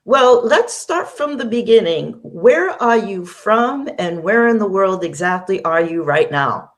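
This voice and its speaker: A woman hosting a talk show, smoothly reading a formal guest introduction and leading the interview. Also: medium pitch, lively intonation, measured pace. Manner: polished, reads introductions smoothly.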